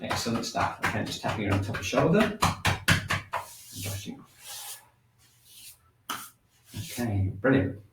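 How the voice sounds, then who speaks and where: A man teaching a shiatsu and qi gong class, talking students through breathing and tapping with calm, gentle prompts. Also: fairly low pitch, quick pace, heavy background noise. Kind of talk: guided exercise class. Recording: echoey room, mic at a distance.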